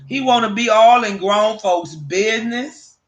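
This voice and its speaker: A woman hosting a livestream, chatting casually with viewers and telling animated, profane stories. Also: fairly high pitch, measured pace, dull audio. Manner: addresses viewers by name. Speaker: livestream host.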